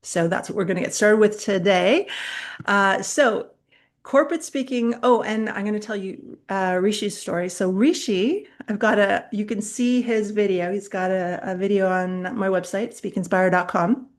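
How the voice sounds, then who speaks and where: A middle-aged woman, a public speaking coach, teaching an online master class in a chatty, animated way, often laughing mid-sentence as she tells stories. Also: medium pitch, moderate pace. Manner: chatty, direct, addresses viewers.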